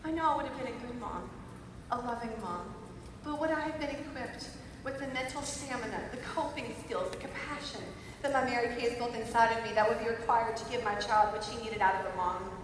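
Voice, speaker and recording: A woman in her thirties giving an emphatic motivational speech at a conference, moving between loud declarations and soft, quiet passages. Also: a little high, fairly quick, background noise. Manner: emphatic, swings from shouting to soft. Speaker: conference speaker. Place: large conference hall. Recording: echoey hall, voice from far off.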